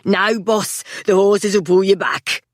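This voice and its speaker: A woman voicing a blustering, panicky male mine worker who speaks urgently and loudly. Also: medium pitch, steady tone, slow, no room sound, studio quality, lightly acted.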